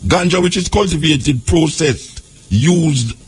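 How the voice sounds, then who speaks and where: A man's voice: fairly high pitch, lively intonation, takes it slowly, breathy edge. A Jamaican man hosting a talk show, reading a legal text aloud and breaking into loose patois asides. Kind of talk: reading a law aloud with commentary.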